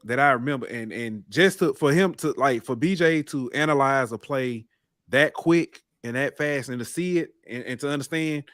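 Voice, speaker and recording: Guy telling football stories on a podcast, gets loud and high when hyped, dry sound. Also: normal speed, no echo. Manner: animated storytelling, rises in pitch and volume when excited. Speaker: podcast co-host. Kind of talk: casual sports chat.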